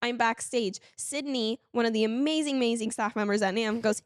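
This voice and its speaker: A woman's voice: on the high side, lively intonation, a little fast, dry recording, studio quality. A woman co-hosting a podcast, telling a story animatedly and laughing, squealing when she quotes herself. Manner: laughs while telling stories. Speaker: podcast co-host. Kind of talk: casual chat.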